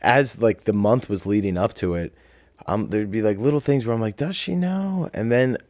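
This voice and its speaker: A man's voice: on the low side, fairly quick, darkish tone, no room sound, clean studio sound. A young man from South Jersey co-hosting a podcast, telling a story in casual, rambling chat full of swearing and quoted asides. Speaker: podcast co-host.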